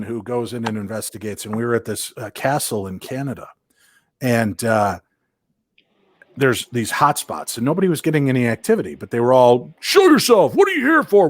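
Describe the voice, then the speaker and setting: A man from Minnesota telling paranormal investigation stories as an interview guest, animated and acting out quoted voices. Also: mid-range voice, no room sound, clean studio sound. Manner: lively, acts out quoted voices, many restarts.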